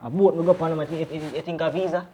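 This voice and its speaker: A man's voice: a little high, fairly even intonation, rapid-fire, dark tone, a little hiss or hum, lightly acted. A man playing a defensive deported Jamaican brother. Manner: rambling, defensive, full of "you know". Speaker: actor in a crime drama. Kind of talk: Jamaican Patois film dialogue.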